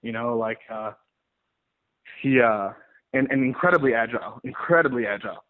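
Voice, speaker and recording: A man who wrestles, telling stories in a rambling, animated way in a casual interview. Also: medium pitch, moderate pace. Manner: rambling, animated storyteller with many restarts. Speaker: pro wrestler guest. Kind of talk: casual interview over the phone. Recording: tinny phone line.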